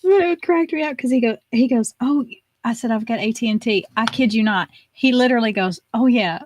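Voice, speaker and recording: A woman's voice: on the high side, brisk. A woman, co-hosting a casual crafting livestream and telling funny stories with acted-out voices and lots of laughter. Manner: laughing storyteller, acts out voices. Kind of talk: casual chat.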